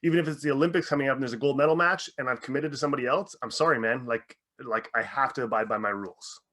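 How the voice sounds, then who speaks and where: Animated, swearing man, mindset coach. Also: medium pitch, very fast. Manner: animated storyteller, swears freely. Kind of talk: podcast interview.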